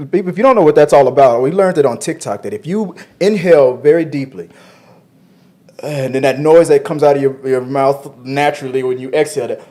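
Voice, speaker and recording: A man's voice: medium pitch, a little fast, dark tone. A man hosting a casual entertainment-news show with his wife, joking around and often restarting his sentences. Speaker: podcast host.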